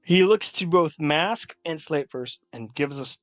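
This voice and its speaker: A man's voice: on the high side, animated, unhurried, no echo, faint music behind. A man narrating as game master, describing scenes in a meandering way with many filler words.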